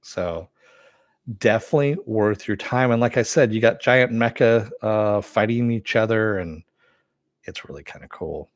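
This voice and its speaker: A man giving a casual spoken review of an animated series, rambling with many fillers and self-corrections, and answering chat as he goes. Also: on the low side, measured pace, no echo, clean studio sound. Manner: reads and answers live chat.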